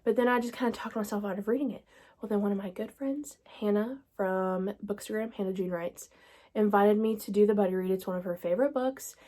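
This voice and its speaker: A woman's voice: mid-range voice, brisk, dark tone. A young woman, chatting casually and gushing as she reviews books, full of fillers and "y'all". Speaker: book reviewer. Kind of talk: casual book review chat.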